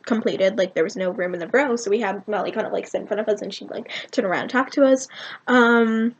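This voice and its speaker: A woman from Virginia telling an excited, rambling storytime in a vlog, full of "like" and "um". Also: mid-range voice, quick pace, muffled recording. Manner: excited, rambling, heavy use of "like" and "um". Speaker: vlogger.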